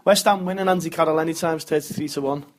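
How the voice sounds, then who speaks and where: A man hosting a casual football podcast, keeping the talk moving at a brisk clip. His voice sits high for a man. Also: fairly even intonation. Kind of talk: casual chat.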